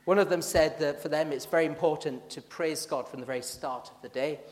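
A man preaching a sermon in a church, reading scripture aloud with measured emphasis. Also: a little high, in a large hall. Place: church building.

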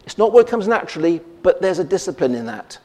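Preacher in a reverberant hall. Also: male voice, high voice, big pitch swings, fast, mellow. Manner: conversational, with frequent restarts and rhetorical questions. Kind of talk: sermon. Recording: long reverb of a church hall.

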